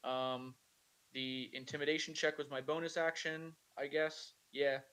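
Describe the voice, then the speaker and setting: A man playing a tabletop game, with a bright, forceful voice. He thinks aloud through his turn and talks through the rules as he goes. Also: on the high side, flat delivery, a little slow, clean tone. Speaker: player.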